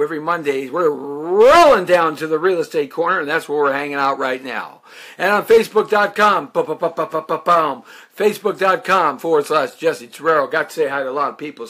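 A man in his fifties, a talk show host from Chicago raised in Southern California, talking in an animated, jokey, hype-man way. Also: fairly high pitch, slightly rough. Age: 50s. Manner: sings snatches and laughs at own jokes. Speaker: radio show host and real estate broker. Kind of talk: live-streamed radio talk show. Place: radio studio.

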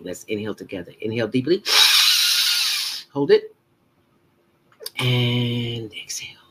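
A woman's voice: very deep voice, a little hiss or hum. A woman guiding a morning breathing meditation, playful and chatty, talking to herself and dropping into whispers. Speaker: mindfulness teacher.

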